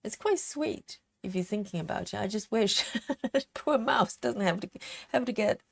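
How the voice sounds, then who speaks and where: A woman's voice: medium pitch, animated, normal speed, gravelly, breathy edge. A woman chatting casually on a live stream as she stitches, giggling often and reading out viewer comments.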